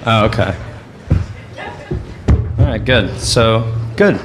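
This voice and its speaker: A man co-hosting a live comedy podcast, needling his partner in a dry, deadpan way. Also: on the low side, slow pace. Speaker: podcast co-host. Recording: live stage recording with loud background noise.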